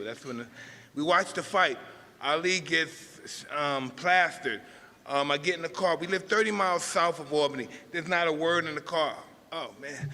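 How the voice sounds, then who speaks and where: A man's voice: a little high, sharp tone, long reverb tail. A man in his fifties telling a rambling, emotional story live, often stopping and restarting mid-sentence. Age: 50s. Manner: rambling, emotional, self-interrupting.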